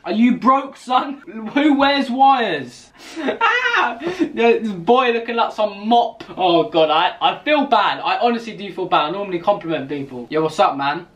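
Young male host, London accent, high voice, teasing mock-insult banter. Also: lively intonation, normal speed, hardly any pauses. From England. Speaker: YouTuber host. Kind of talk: casual video chat banter.

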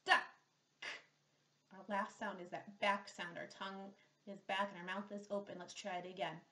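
A woman therapist reading a picture book aloud to young children, stopping to ask questions and to model speech sounds slowly and clearly. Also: mid-range voice, little pitch movement, sharp tone. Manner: slow, exaggerated sound modeling with questions to the listener. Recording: roomy echo.

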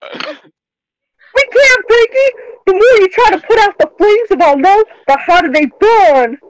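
A woman's voice: very high voice, lively intonation, measured pace, no echo, poor audio. A woman voicing a melodramatic, lovesick young runaway in a put-on Brooklyn accent that drifts Southern. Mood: passionate. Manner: melodramatic, pleading. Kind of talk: let's play voice acting.

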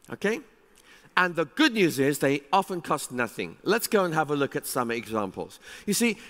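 A man delivering a conference keynote with lively, emphatic energy, his voice sitting high for a man. The sound carries a long reverberant tail from a large hall around him. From England. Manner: animated, emphatic, with rising exclamations. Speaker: keynote speaker.

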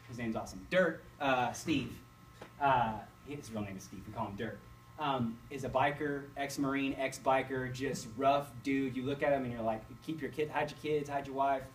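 Enthusiastic pastor, off-mic. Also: male voice, mid-range voice, moderate pace. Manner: rambling, self-correcting, enthusiastic. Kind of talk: casual storytelling to a group. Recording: distant mic, faint background noise.

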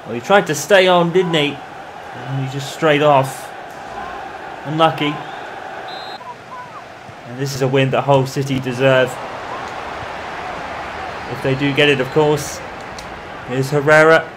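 A man commentating on his own football video game in the manner of a match broadcaster, calling the play and getting loud at goals. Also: mid-range voice, fairly even intonation, measured pace, pauses often, noisy background. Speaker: gaming commentator. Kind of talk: mock football match commentary over gameplay.

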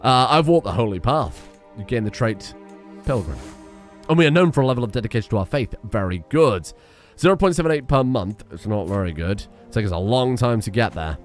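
A young man commenting on a strategy game he is playing, reading the game's text aloud with excitable, wry asides. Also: medium pitch, a little fast, faint music behind. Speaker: gaming video host. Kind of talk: let's play commentary.

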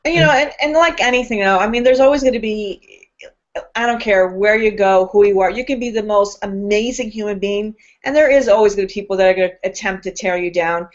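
A woman's voice: medium pitch, brisk, dull audio. A woman hosting a talk show, speaking in a casual, emphatic way with long, loose, philosophical runs. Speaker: host.

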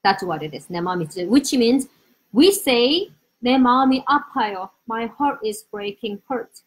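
Woman, Korean teacher, higher voice, animated, mixes Korean and English. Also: very fast. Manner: uneven English grammar. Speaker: Korean language teacher, host. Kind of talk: live-stream language lesson.

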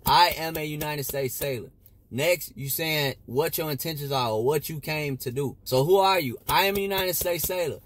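A man's voice: on the high side, moderate pace, a bit bright. A young man in a car giving casual study advice in slangy, laid-back street talk. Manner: repeats lines in a chanting loop. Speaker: vlogger giving Navy study tips. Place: in a parked car.

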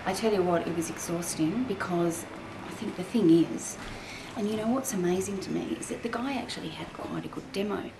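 A woman's voice: lowish voice, a little fast, gravelly, background noise. A middle-aged woman, a voiceover artist giving her blunt opinion in a chatty, frank way. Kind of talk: mockumentary interview.

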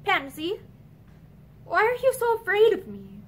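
A quiet, determined young man who keeps pressing for answers, read by a woman. The voice sits high and swings widely in pitch. This is storybook reading, not a heavy character voice. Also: big pitch swings, measured pace, heavily acted. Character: earnest young Englishman, persistent and probing.

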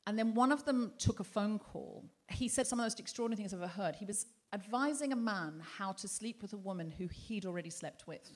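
A woman's voice: mid-range voice, fast talker, few pauses. Woman host telling a story on stage. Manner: animated, acts out other people's lines. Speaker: podcast host. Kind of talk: live comedy podcast storytelling. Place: theatre stage before a live audience.

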